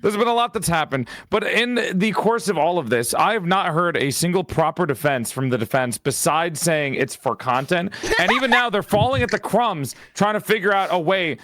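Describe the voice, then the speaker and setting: A man's voice: sits high, animated, moderate pace, hardly any pauses, fairly bright tone, no echo. A man playing the prosecutor in a comedic mock trial, with mock-formal, grandstanding speech. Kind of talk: comedic role-play stream.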